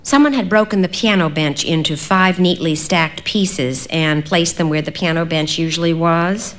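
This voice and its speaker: A young adult woman narrating an audiobook in a measured, reflective way. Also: lowish voice, fairly bright tone. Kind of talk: audiobook reading.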